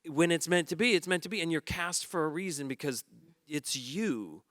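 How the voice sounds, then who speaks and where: A man's voice: fairly high pitch, normal speed, fairly bright tone, no room sound, studio quality. A man, a stage actor on a discussion panel, talking in an earnest, reflective way with frequent restarts.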